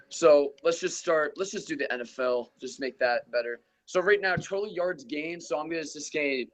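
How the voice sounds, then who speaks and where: Young man, casual podcast host, loose profane chat, rattling off stat lists, mid-pitched voice. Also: slight background noise, poor audio. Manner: loose, profane, reels off rankings and stats. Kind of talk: casual sports gaming chat.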